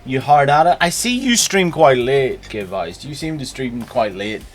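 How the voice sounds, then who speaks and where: A man's voice: mid-range voice, animated, moderate pace, a little hiss or hum. A man with a Northern Irish accent hosting a live stream, chatting casually and greeting viewers by name. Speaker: streamer host.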